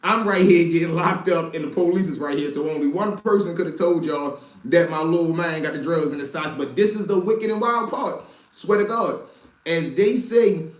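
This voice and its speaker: A man telling street stories to a live chat, animated and profane, talking straight to his listeners as y'all. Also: a little high, normal speed, roomy sound. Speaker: storyteller and stream host.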